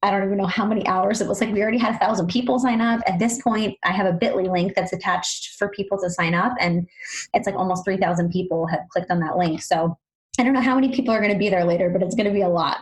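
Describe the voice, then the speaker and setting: A woman speech-language pathologist co-hosting a podcast, chatting quickly and animatedly with lots of "you know"s. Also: medium pitch, steady tone, low-quality recording. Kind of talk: casual podcast chat.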